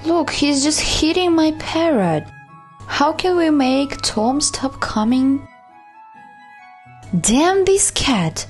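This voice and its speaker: Slow playful woman gaming vlogger. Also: high-pitched, very animated, soft background music. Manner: chatty, playful, talks to her pet like a baby. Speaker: gaming YouTuber. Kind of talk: let's-play commentary.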